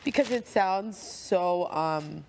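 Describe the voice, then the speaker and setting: A woman's voice: lowish voice, expressive, takes it slowly, darkish tone, slight background noise. A woman chatting casually indoors, teasing and giggling, sometimes mimicking others in a mock-sweet voice. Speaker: reality show houseguest. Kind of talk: casual chat. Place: indoor living space in a reality show house.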